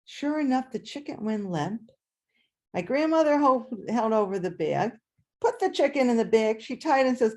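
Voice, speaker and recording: Lively older woman telling a story. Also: on the high side, normal speed. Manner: lively, voices the squawks and dialogue. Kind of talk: told personal story at a live event. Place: storytelling event over video call.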